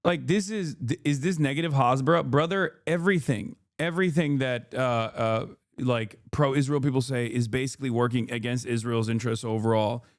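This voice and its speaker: A man's voice: mid-range voice, moderate pace, few pauses, no echo. A man in his thirties giving heated casual commentary as a streamer reacting to news clips, emphatic and direct, often calling the listener "brother". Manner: emphatic, calls listener "brother", frequent restarts and "okay?".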